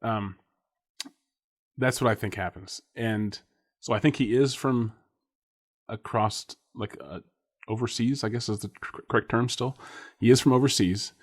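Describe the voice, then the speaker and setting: A man's voice: on the low side, measured pace, long pauses, husky. Rambling, laughing male podcast co-host. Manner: rambling, laughs often, speculative. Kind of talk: casual chat.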